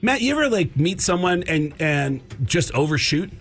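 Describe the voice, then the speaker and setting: A man's voice: on the high side, big pitch swings, moderate pace, fairly bright tone, soft background music. A man guest on a radio show, a comedian and voice actor, telling stories with energy and slipping into other people's voices. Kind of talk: animated storytelling on a radio show. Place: radio studio.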